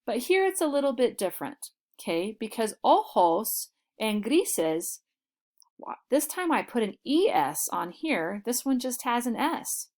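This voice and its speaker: A woman teaching a Spanish vocabulary lesson, explaining patiently and saying model phrases slowly and clearly. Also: on the high side, very animated, a little mellow.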